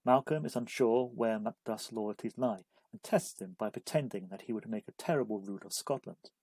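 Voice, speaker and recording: A man reads a scripted study-guide lesson in a measured, even way. His voice is mellow and a little husky, and the recording is dry and close. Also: fairly low pitch, no room sound, low-quality recording. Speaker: literature explainer. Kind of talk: scripted narration.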